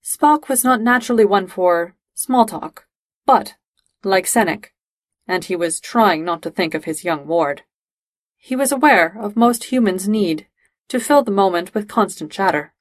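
A woman's voice: medium pitch, animated, measured pace, no room sound. Woman reading a story steadily. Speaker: reader. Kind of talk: reading fan fiction aloud.

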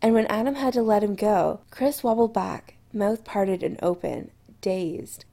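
A woman narrating a story aloud in an expressive, storytelling manner. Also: mid-range voice, measured pace, creaky. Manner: expressive storytelling with lively intonation. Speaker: audiobook narrator. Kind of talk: scripted narration.

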